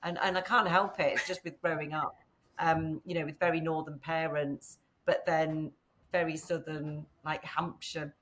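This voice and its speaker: A woman's voice: low voice, flat delivery, normal speed, fairly bright tone. A woman from northern England, a podcast guest, chatting casually with lots of fillers and rambling asides. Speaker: podcast guest, company founder. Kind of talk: casual conversational interview.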